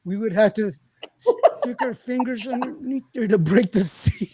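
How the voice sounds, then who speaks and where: A man's voice: high-pitched, measured pace, husky, no echo. Dry, rambling man host. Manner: rambling, animated, laughs often, acts out quotes. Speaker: podcast host. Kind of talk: casual storytelling chat.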